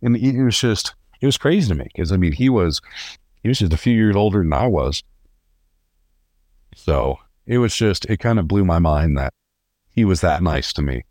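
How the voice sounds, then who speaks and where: A man's voice: low-pitched, expressive, normal speed, darkish tone, no room sound, clean studio sound. A young man from California, a podcast guest telling stories in an earnest, rambling way with many restarts. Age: young adult. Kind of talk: casual interview.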